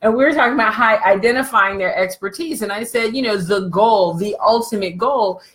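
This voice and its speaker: A woman business coach telling a comic story in a slangy, animated way, laughing often. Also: medium pitch, fairly quick.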